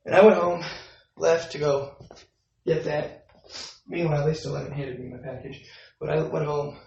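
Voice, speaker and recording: Gravelly man telling a story in an echoey room. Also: a little high, moderate pace, muffled recording, a little hiss or hum. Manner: animated retelling, acts out both sides with laughs. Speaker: vlogger. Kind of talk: casual storytelling. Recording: very echoey room, mic far off.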